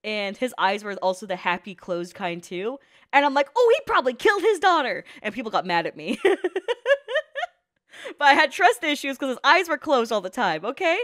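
Mujer animada que bromea y se ríe. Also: female voice, medium pitch, sing-song, moderate pace, fairly bright tone. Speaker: anime reaction YouTuber. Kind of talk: casual reaction commentary.

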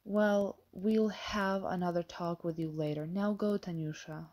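A woman's voice: on the low side, steady tone, a little slow, darkish tone, close to an everyday voice. A woman reading the lines of a stern middle-aged male estate steward, in a blunt, questioning, bossy manner.

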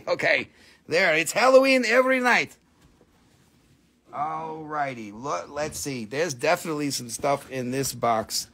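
Male live-stream crystal seller, raunchy jokester, auctioneer-style price calls, voice sits a bit high. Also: lively intonation, normal speed, creaky, pushed and bright, a little hiss or hum. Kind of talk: casual live-stream selling chat.

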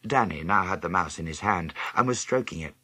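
A man narrating an audiobook with expressive storytelling. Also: low-pitched, a little fast, breathy edge, dry recording. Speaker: audiobook reader. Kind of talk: scripted narration.

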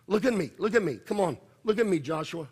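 A preacher voicing God, high and urgent. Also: male voice, lively intonation, fast talker, a little mellow, slightly rough. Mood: reassuring. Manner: urgent, insistent exhortation. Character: God, a commanding yet reassuring male divine voice.

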